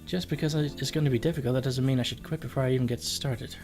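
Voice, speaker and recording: A man's voice: medium pitch, fairly even intonation, quick pace, darkish tone, faint music behind, pitched below the performer's own voice, natural voice. A man reading the lines of an eager, blunt woman campaign manager in a story game, in his own voice. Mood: determined.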